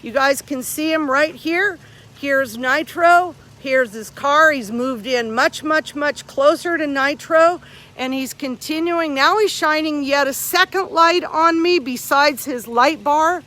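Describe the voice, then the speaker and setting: High bright-voiced indignant woman. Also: a little slow. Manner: indignant, taunting, repeats short phrases. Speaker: nonprofit volunteer live-streaming an incident. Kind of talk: live-streamed running commentary. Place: outdoors at night, near her parked car. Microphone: phone.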